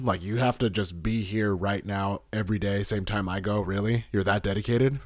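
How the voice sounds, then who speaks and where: Man, young, low voice, dry close sound, swearing, rambling casual podcast talk. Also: moderate pace, hardly any pauses, dry recording. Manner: profane, rambling, animated, laughs often. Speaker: podcast host.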